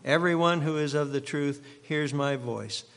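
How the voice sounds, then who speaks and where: A man, a pastor, reading scripture aloud and preaching in a sermon, with a measured and dramatic delivery. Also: fairly high pitch, fairly bright tone. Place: church sanctuary. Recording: long reverb of a large hall.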